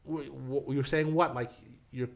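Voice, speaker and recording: An older man chatting casually and telling anecdotes, lively and often repeating words as he gets going. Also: medium pitch, unhurried, creaky. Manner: animated, repeats words when starting sentences. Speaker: guest storyteller.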